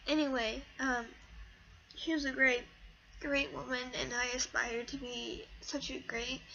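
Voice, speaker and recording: A teenage girl vlogging about something personal, halting and fighting back tears, with many pauses and fillers. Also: sits high, level tone, creaky, sharp tone. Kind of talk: emotional personal talk to camera. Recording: dull lo-fi audio with faint hiss.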